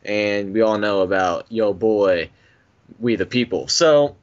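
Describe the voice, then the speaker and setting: A man's voice: on the low side, expressive, slow pace. A man co-hosting a casual wrestling podcast, rambling through his predictions with restarts and easy laughs. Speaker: podcast co-host. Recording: dull lo-fi call audio.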